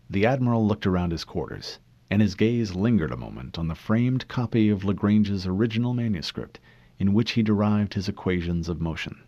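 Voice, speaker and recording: A man narrates an audiobook in a measured, storytelling delivery, his lowish voice rising and falling with lively expression. The recording is dry, close and a little dull. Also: dry recording. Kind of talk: scripted narration.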